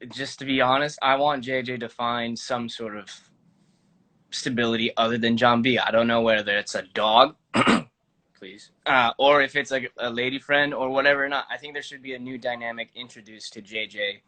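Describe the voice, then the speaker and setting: Bright-voiced young man rambling casually. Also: mid-range voice, steady tone, moderate pace. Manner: rambling, many fillers and restarts. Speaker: actor guest. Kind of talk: casual interview chat.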